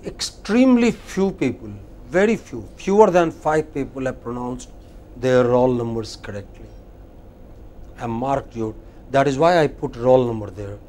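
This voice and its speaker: Demanding Indian English teacher, drilling words. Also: male voice, mid-range voice, a little mellow. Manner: demanding, corrects and repeats words slowly. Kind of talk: classroom pronunciation drill. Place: university classroom.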